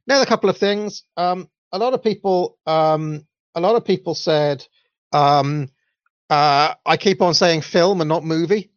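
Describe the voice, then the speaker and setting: A man's voice: creaky, no room sound. A young adult man with a Welsh accent, hosting a show and chatting casually through listener comments, with lots of ums and uhs. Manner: rambling, full of ums and uhs. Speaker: podcast host. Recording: dull, low-fidelity audio, dry.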